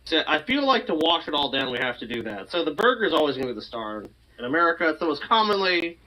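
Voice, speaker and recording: Bright, lively food-review guy. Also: on the high side, fast, low-quality recording. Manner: chatty, blunt, casual slang. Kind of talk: casual food review video.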